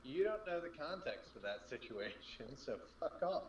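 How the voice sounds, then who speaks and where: A man's voice: on the high side, very animated, lo-fi sound, a little hiss or hum. A man co-hosting a casual gaming stream, cracking jokes and teasing the others. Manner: joking, quick to tease. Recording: echoey room with clear music.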